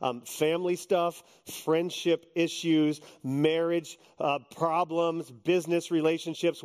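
A man's voice: a little high, darkish tone, big-room sound. A man in his fifties, a pastor preaching a sermon in a joking, conversational way. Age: 50s.

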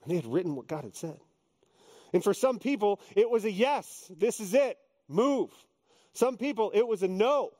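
A middle-aged male pastor delivering a sermon in a somewhat high voice. He talks earnestly, drops low and quiet for reflection, then climbs into emphatic, lively exhortation. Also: normal speed.

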